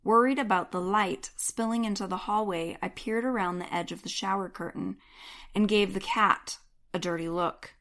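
A woman reading a first-person novel aloud in an even, measured way. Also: mid-range voice. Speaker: audiobook narrator. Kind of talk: first-person audiobook narration.

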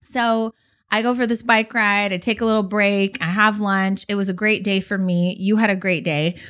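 Woman co-host, mid-pitch, lively storyteller for casual podcast chat. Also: moderate pace. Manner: animated, expressive storyteller.

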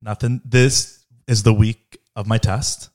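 Twenties man, lowish voice, frank, casual, swears freely. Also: steady tone, slow, a little mellow. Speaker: co-host, law school applicant. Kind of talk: casual family chat.

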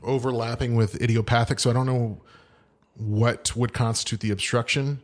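A man's voice: medium pitch, steady tone, normal speed. Male podcast co-host, casual comedic storyteller who does voices for his quotes. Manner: storytelling, slips into a put-on accent for quotes.

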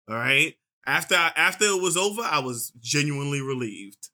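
Upbeat bright-voiced man hosting. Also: fairly high pitch, animated, normal speed, hardly any pauses. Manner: upbeat, laughs often, hypes up segments. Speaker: podcast co-host. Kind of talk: casual podcast banter.

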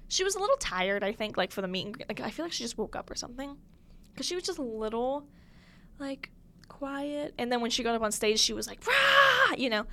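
Young woman, solo podcast host. Casual, effusive, slightly high-pitched, shifts between loud excitement and soft asides. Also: a little hiss or hum. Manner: bubbly and gushing, quick mood swings between loud and soft. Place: small studio room with a window.

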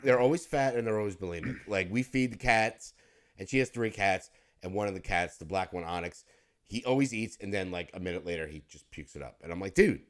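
A man's voice: low voice, brisk. A man co-hosting a podcast in casual chat, a rambling storyteller who laughs and curses freely. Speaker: podcast co-host.

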